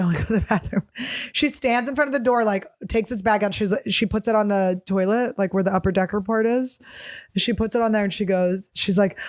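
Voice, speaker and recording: A woman in her thirties hosts a solo podcast, spilling rambling stories full of swearing and quick jokes. Her voice sits at an ordinary middle pitch. The sound is dry and close, with no room around it. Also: dry recording. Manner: profane, rambling, jokey storytelling. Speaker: podcast host. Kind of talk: casual solo podcast monologue.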